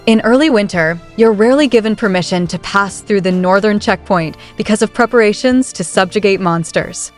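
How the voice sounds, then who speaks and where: A woman voicing a talkative male cart driver in a recap story, read quietly and plainly. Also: medium pitch, fairly quick, hardly any pauses, soft background music, lightly acted. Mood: chatty. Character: cart driver, chatty working man.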